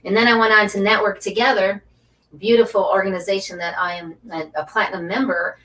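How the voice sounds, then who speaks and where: A woman's voice: mid-range voice, steady tone, fairly quick, pushed and bright, distant mic. A woman hosting a casual live stream, chatty and effusive, cheering on and encouraging her viewers. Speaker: angel card reader and Reiki teacher hosting a live stream.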